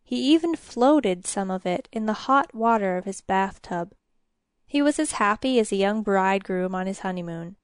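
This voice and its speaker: Brief: female storyteller, unhurried and expressive, mid-pitched, dry studio sound. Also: clear, resonant tone, no echo. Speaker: narrator. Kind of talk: storybook narration.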